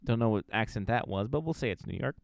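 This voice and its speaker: A man's voice: on the low side, expressive, fast talker, vocal fry, no echo, clean studio sound. A man co-hosting a casual hockey podcast, rambling with fillers and swearing freely. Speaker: podcast co-host. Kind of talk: casual sports chat.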